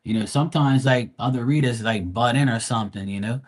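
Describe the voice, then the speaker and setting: A man's voice: medium pitch, fairly quick. A man who reads tarot live, chatting casually with his viewers in a blunt, profane, slangy and rambling way. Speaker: live tarot reader and streamer. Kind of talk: casual livestream chat.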